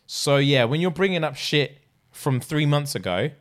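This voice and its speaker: A man's voice: fairly high pitch, moderate pace. A young man, ranting in casual podcast chat, slangy and full of swearing. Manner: profane, animated ranting, slangy.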